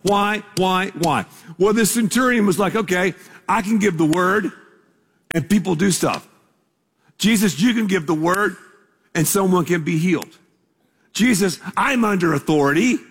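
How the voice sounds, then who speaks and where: A man's voice: high voice, expressive, normal speed, fairly bright tone, slightly rough. A man preaching a sermon as pastor, conversational and emphatic, asking the congregation to repeat words with him. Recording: long reverb of a large hall.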